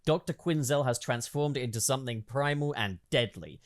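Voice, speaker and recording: A man's voice: mid-range voice, moderate pace. A man hosting a comedic script read, joking around and swearing as he reads. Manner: joking, swears, laughs a lot. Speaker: host.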